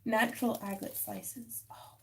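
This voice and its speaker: A woman hosting a craft livestream from her home craft room, excitable and quick to gasp and laugh as she talks into a phone. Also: mid-range voice, vocal fry, slight background noise. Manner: excitable, gasping and laughing over gifts. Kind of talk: casual live stream chat.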